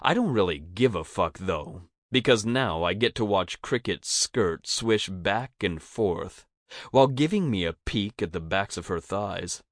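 A man narrates a first-person audiobook with steady, even storytelling. His voice is very low and unhurried, recorded close to the mic and dry, with no room sound.

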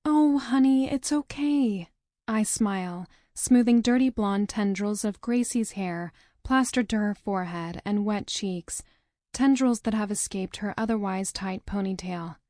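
A woman narrating a novel in the first person, with a measured, dramatic reading. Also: medium pitch, a little mellow, no echo, studio quality. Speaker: audiobook narrator.

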